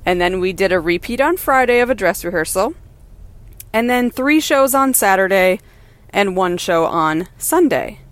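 A woman's voice: medium pitch, expressive, normal speed, no echo. Solo mom podcaster, candid and encouraging, recorded in her car, mid-range voice. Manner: candid, encouraging, laughs now and then. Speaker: podcast host and mother. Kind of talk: casual personal monologue. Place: in a car while driving.

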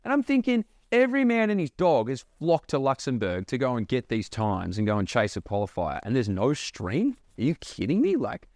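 Animated young Aussie podcast host. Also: male voice, mid-range voice, moderate pace, hardly any pauses, dry recording. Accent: Australian. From Australia. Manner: animated, swears freely, lots of fillers. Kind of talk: casual rambling podcast monologue.

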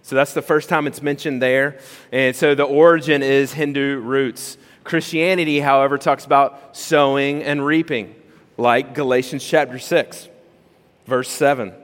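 A male pastor preaches a sermon in a conversational, animated style packed with rhetorical questions. His voice is medium in pitch and a little slow, carried by the long reverb of a large hall.

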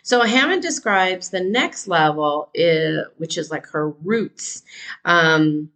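A woman's voice: lowish voice, expressive, takes it slowly, fairly bright tone, poor audio. A woman from California, a teacher hosting a solo podcast, talking casually and thinking aloud with frequent ums and rhetorical questions.

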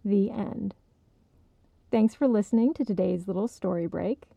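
A woman calmly narrating a short story as a storyteller. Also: mid-range voice, creaky, no echo, highs cut off. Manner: calm, measured reading.

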